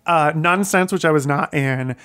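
A man's voice: fairly high pitch, normal speed, fairly bright tone, clean tone. A young man telling stories in a casual chat, using lots of "like" fillers. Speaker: guest.

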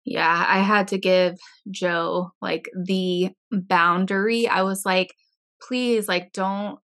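A woman's voice: on the low side, fairly even intonation, takes it slowly, fairly bright tone. A young woman co-hosting a casual chat, chatty and often acting out what others said. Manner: chatty, acts out quotes from others.

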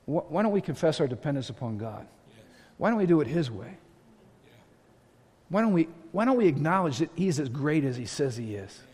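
Fervent pastor preaching in a hall. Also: male voice, on the high side, big pitch swings, fairly quick, breathy edge. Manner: impassioned, rising to loud exhortation. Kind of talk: sermon. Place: church sanctuary. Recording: long hall reverb.

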